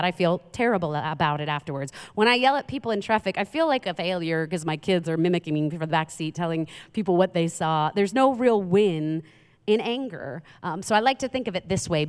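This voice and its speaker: A woman's voice: mid-range voice, smooth, big-room sound. A woman pastor delivering a conversational sermon, often asking the audience rhetorical questions.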